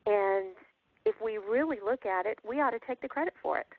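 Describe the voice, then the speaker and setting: A woman's voice: medium pitch, lively intonation, a little fast, creaky, no room sound. A woman speaking as co-host in a motivational talk, earnest and emphatic, often repeating words. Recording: tinny dry phone line.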